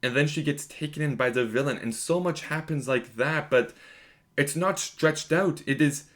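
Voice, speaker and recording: A man's voice: a little high, normal speed, a bit bright. Casual, emphatic young man reviewing TV. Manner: emphatic, conversational, lots of "like" and "you know".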